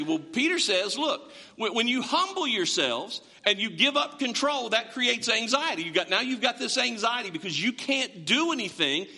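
A man's voice: very high voice, bright, forceful tone, long reverb tail. A man preaching a sermon as pastor, in a conversational way, repeating words and asking the congregation questions, in a church sanctuary.

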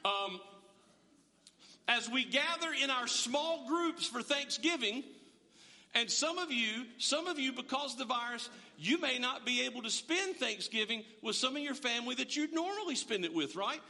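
A middle-aged man preaching a sermon in a lively, conversational way, often restarting his sentences. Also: very high-pitched, moderate pace. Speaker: pastor. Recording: reverberant church hall.

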